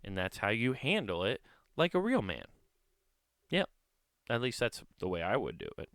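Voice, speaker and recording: A man's voice: lowish voice, big pitch swings, moderate pace, fairly bright tone, dry recording. A man hosting a comedy podcast, telling a rambling, profane, incredulous story in a casual monologue.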